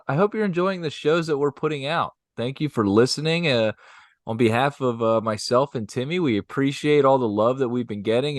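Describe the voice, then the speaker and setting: A young man co-hosting a casual podcast, easygoing and quick to laugh, often restarting his sentences. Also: medium pitch, dry recording, studio quality. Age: young adult. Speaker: podcast co-host.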